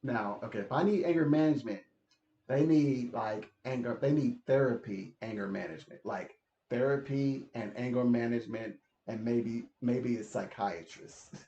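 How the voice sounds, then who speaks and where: A man of middle pitch chats casually to his viewers, laughing often and tripping over repeated words. His voice rings in an echoey room. The sound is slightly dull, as if from a modest mic. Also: moderate pace, dark tone. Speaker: channel host. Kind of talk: casual rambling monologue.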